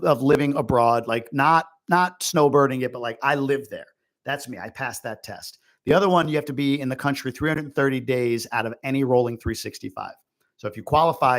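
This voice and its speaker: A man's voice: mid-range voice, a bit bright. A man hosting a casual livestream Q&A, answering viewer questions in a chatty, rambling way full of fillers and asides. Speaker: host.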